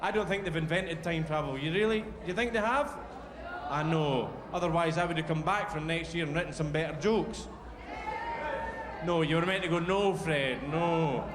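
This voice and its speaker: A Scottish man doing a loud, jokey stand-up set at a live event. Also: a little high. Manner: fast, shouty and jokey. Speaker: stand-up comedian. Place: large live venue with crowd. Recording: echoey hall with loud crowd.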